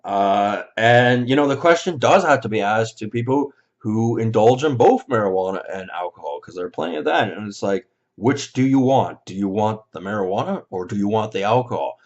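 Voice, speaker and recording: A man with a fairly low voice delivers a heated, foul-mouthed opinion rant. He swings from muttered asides to sudden loud outbursts and slips into mocking voices to quote the people he scorns. The recording sounds dull and lo-fi. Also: lively intonation, brisk, few pauses. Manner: mocking put-on voices when quoting others. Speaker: vlogger. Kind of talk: ranting opinion monologue.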